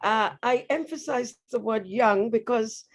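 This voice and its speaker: An older woman giving an earnest, measured address to new students over a video call, asking rhetorical questions. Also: fairly high pitch. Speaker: guest speaker.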